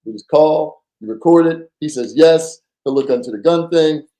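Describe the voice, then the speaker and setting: A man's voice: on the high side, moderate pace, poor audio. A man telling a story as a guest in a podcast interview, in casual slang. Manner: animated storyteller, acts out voices, casual slang. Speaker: former undercover agent, guest.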